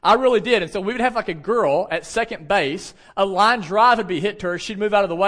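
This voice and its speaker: A man in his thirties preaches to his congregation in a direct, conversational way. His voice sits a little high for a man, and he tells personal stories with energy. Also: fairly quick. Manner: animated storytelling, shouts when acting out anecdotes. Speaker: pastor. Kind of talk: sermon.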